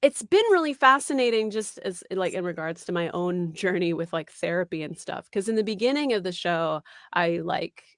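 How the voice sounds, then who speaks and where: A woman in her thirties with a somewhat low voice chats animatedly in an interview, full of fillers and quick asides. The sound is dry and close, with no room around it. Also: dry recording. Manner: animated, chatty, many fillers and laughs. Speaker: voice actress guest. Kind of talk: casual interview chat.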